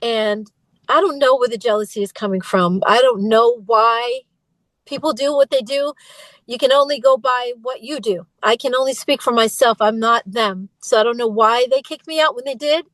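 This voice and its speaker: High-voiced, emphatic woman guest. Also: moderate pace, a bit bright, no echo, poor audio. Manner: emphatic, aggrieved, frank. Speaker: interview guest, former group singer. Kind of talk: candid interview.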